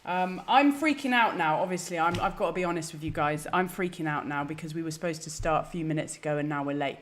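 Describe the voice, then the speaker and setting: A woman's voice: deep voice, flat delivery, fast. A woman hosting a live stream, chatty, flustered and self-deprecating. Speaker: host. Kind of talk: casual live-stream chat.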